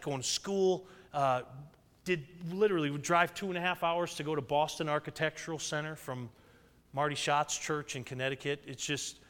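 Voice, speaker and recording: A man's voice: fairly high pitch, a bit bright. A pastor in his thirties preaching a sermon, calling out for amens from the congregation. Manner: call-and-response preaching with frequent amens. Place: church sanctuary. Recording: echoey hall reverb.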